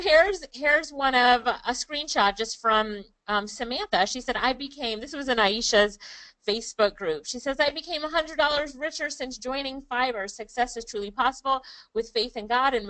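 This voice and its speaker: Woman, bright tone, fairly high voice, chatty live webinar host, upbeat, dry close sound. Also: no room sound, rough recording. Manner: upbeat, chatty, addresses viewers by name. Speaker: online class presenter. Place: Kingston, Jamaica.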